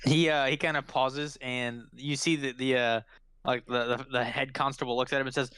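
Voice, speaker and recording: A man's voice: mid-range voice, level tone, moderate pace, fairly bright tone, clear, resonant tone, dry recording. A man narrating a tabletop game as dungeon master in a loose, filler-heavy way.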